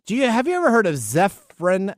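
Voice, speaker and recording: A man's voice: sits high, wildly swooping pitch, brisk, no room sound. A man hosting a tech podcast in casual chat, rambling and often stumbling over names. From US Pacific Northwest. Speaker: podcast host.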